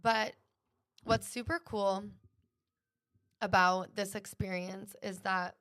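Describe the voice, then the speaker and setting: A woman's voice: mid-range voice, steady tone, takes it slowly, fairly bright tone. A young woman hosting a podcast, telling a personal story in a casual, earnest way with lots of "like". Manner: earnest, fills speech with "like". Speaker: podcast host.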